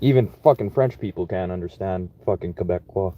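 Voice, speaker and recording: A man's voice: low-pitched, brisk. A young man from Manitoba, Canada, rambling in a laid-back, profane, chatty way about his construction job. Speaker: construction worker vlogging. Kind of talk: casual rambling monologue. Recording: dull lo-fi sound.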